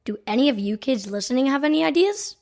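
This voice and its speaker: A woman's voice: high-pitched, lively intonation, fast talker, darkish tone. A woman hosting a podcast in a playful, joking way. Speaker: podcast host.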